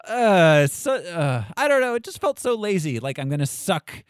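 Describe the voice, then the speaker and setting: A man co-hosting a casual movie review podcast, animated and quick to laugh. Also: sits high, clear, resonant tone, no room sound, studio quality. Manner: animated, laughs often, jokey quotes. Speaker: podcast co-host.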